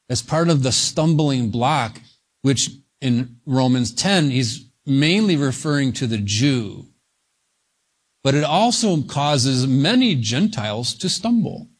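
Slow, emphatic preaching man. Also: medium pitch, breathy edge. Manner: slow, deliberate preaching that leans on single words for emphasis. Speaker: pastor. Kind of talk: sermon.

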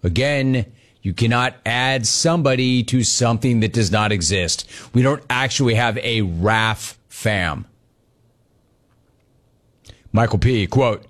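On a casual sports show, the host goes through listener messages and jokes around in an expressive, unhurried way. He pushes his pitch upward for emphasis.

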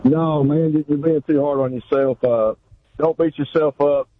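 Brief: male caller, slightly high voice, tinny phone line, reassuring and hesitant. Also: steady tone, normal speed. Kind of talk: call-in talk.

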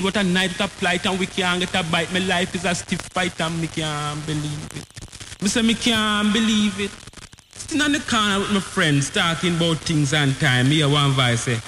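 A man's voice: high-pitched, bright, forceful tone, a little hiss or hum. A man with a Jamaican accent performing rhythmic dub poetry, half-spoken and half-sung, with a repeating chanted refrain. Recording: long reverb, faint backing music.

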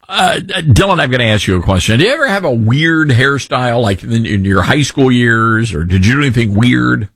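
Animated husky talk radio host. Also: male voice, medium pitch, brisk, hardly any pauses, no echo, clean studio sound. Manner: animated, rambling, jokey.

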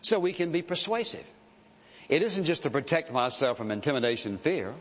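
A man preaching a sermon in a church, earnest and emphatic, often breaking in with "listen" to press a point. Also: mid-range voice. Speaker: pastor. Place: church sanctuary. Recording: dull sound with long hall reverb.

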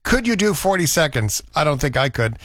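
A man's voice: fairly high pitch, sing-song, brisk, a bit bright, dry recording, studio quality. A man hosting a radio talk show, chatting casually and teasing his co-worker.

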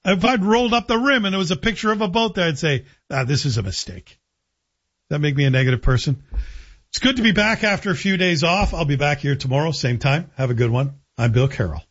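A man's voice: fairly high pitch, fast, fairly bright tone. A man hosting a talk radio show, chatting through a casual monologue with wry, self-deprecating asides. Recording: dull lo-fi radio broadcast.

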